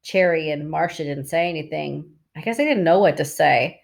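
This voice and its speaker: A woman reading a novel aloud in steady, plain narration. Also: sits low, moderate pace, creaky. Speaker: reader.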